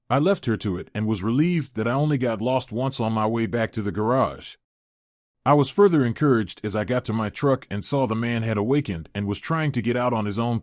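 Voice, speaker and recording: Male narrator, steady first-person storytelling, mid pitch, dry. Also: no echo.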